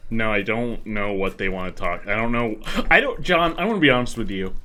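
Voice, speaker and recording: A man's voice: on the low side, expressive, brisk, bright, forceful tone. A sleepy young man rambling in casual chat while streaming a detective game. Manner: rambling, trailing off.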